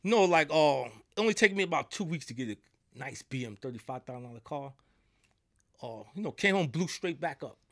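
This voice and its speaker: A middle-aged man with a New York accent talks as a guest in a podcast studio. He tells his stories in loose street slang and keeps checking in with "you know what I'm saying". His voice sits a bit high, with a bright, forceful edge and a dry, close sound. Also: lively intonation, fairly quick, dry recording. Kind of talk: casual storytelling.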